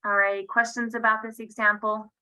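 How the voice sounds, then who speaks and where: Bright-voiced woman teaching over video call. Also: fairly high pitch, level tone, moderate pace, low-quality recording. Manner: conversational, checks in with frequent "right?". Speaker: parenting workshop presenter. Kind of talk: online workshop teaching. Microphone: video call computer mic.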